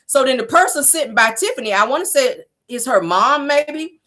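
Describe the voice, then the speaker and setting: A woman's voice: expressive, moderate pace, pushed and bright. Sassy blunt woman recapping reality TV. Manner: sassy, blunt, swears freely; acts out quotes with big pitch jumps. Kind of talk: casual recap commentary.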